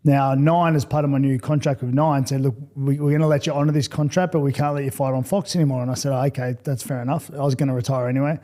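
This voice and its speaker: A man's voice: mid-range voice, quick pace, hardly any pauses. A man in his forties with an Australian accent, a former footballer turned boxer, bluntly telling his story as a podcast guest. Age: 40s. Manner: blunt, animated, acts out past conversations.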